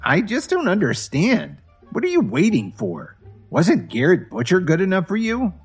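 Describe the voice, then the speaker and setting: A man's voice: high-pitched, wildly swooping pitch, moderate pace, slightly rough, soft background music, pitched above the performer's own voice, heavily acted. A man doing a scornful, domineering mother. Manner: nagging, contemptuous, loud. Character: scornful middle-aged mother, domineering, shrill.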